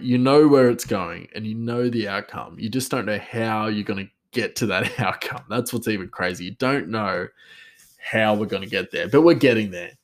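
A man, a chef, telling a story in a rambling, casual way and chuckling often. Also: fairly low pitch.

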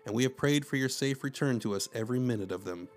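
A man voicing an older pastor with a solemn, measured manner and a hint of menace. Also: mid-range voice, soft background music, close to an everyday voice.

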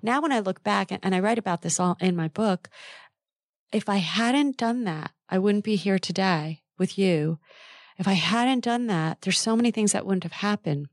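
Recorded with studio quality and no room sound, a middle-aged textile designer and author relates a personal story during an interview. Her mid-range voice is lively and candid, punctuated by quick asides.

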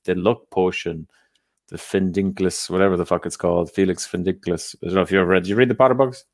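A man with an Irish accent tells rowdy party stories, swearing freely and laughing as he goes. His voice sits very low. The sound is dry and close. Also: fairly even intonation, quick pace, creaky, no room sound. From Ireland. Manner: profane, laughing storyteller. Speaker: comedian podcast host. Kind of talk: casual storytelling chat.

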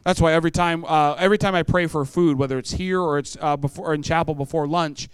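A man's voice: on the high side, fairly even intonation, quick pace, smooth, no room sound. Middle-aged man, youth preacher, storytelling sermon, clean resonant voice, close and dry. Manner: storytelling, acts out voices, asks the room questions. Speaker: preacher speaking to teenagers.

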